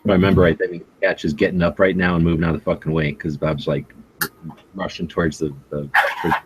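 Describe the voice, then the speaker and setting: Very deep, raspy man on a dull line. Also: little pitch movement, fast. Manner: crude, dry humor. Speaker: chat participant. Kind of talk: casual chat. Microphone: voice chat.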